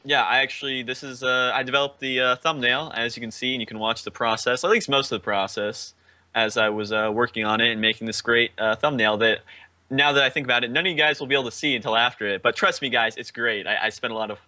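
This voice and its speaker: Very bright, rambling young man. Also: mid-range voice, steady tone, fast talker. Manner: rambling, stammering, mock-boastful. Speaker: podcast co-host, modding tutorial maker. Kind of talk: casual gaming podcast chat.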